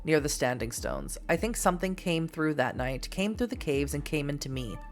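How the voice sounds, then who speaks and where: A woman's voice: low-pitched, animated, normal speed, faint music behind. A woman voicing a sour, angry woman who lives alone in a caravan and speaks in a bitter, accusing way. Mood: grim explaining.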